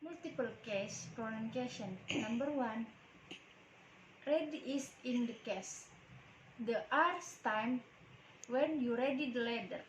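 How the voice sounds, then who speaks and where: A woman's voice: fairly high pitch, slow, long pauses, slight background noise. A woman with an Indonesian accent, a native Indonesian speaker, reading a class presentation in a stumbling, broken way. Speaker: student presenter. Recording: echoey room.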